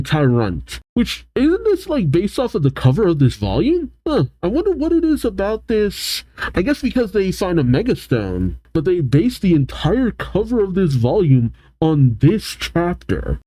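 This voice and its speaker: Lively man reading a comic aloud. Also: mid-range voice, no room sound, poor audio. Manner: reads dialogue aloud, breaks off with amused exclamations and laughs. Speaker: manga reaction host.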